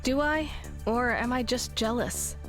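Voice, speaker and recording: A woman's voice: fairly high pitch, measured pace, natural voice. An actress voicing a wry, sarcastic young woman courier in a video game. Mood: wistful. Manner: dry, wry delivery. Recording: game dialogue over music.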